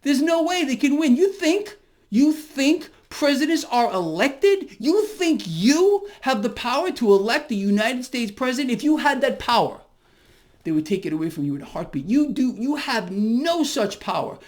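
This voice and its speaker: A man's voice: very high-pitched, big pitch swings, normal speed. A man with a Brooklyn accent giving a fired-up, emphatic market commentary rant to his viewers. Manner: hyped-up, emphatic, swearing.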